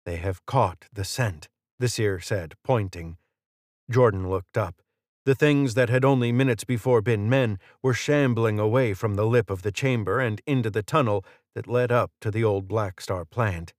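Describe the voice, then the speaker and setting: A man narrating an audiobook in a measured, steady reading. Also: fairly low pitch, no echo, clean studio sound. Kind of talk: scripted narration.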